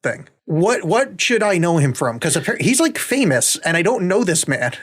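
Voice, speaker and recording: A man's voice: sits high, very animated, slightly rough. Profane, jokey man co-hosting a podcast. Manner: blunt and profane, quick to joke. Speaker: podcast co-host. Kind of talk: casual chat.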